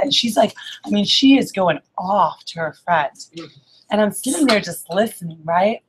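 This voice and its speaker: Woman speaker at a group meeting. Casual storyteller, mid-pitched, chatty, with lots of "like" fillers. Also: animated, normal speed, background noise. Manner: chatty, fills with "like" and checks in with "right?".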